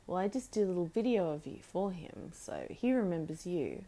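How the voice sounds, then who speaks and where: A woman hosting a casual solo podcast from home, talking in a halting, rambling way with restarts, and cooing to her pet bird in a sweet, high voice. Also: expressive, dark tone. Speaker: podcast host.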